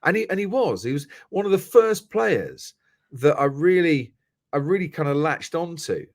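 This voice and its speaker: A man's voice: a little high, animated, moderate pace, dry recording, studio quality. A middle-aged man from England, a motorsport commentator chatting as a guest and telling stories with many restarts. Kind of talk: casual podcast chat.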